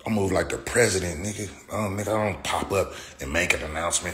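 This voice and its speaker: A man in his forties hosts a livestream, ranting profanely and firing back at comments from his chat. His voice is low and fairly bright, fast with few pauses, in an echoey room with faint ambient noise.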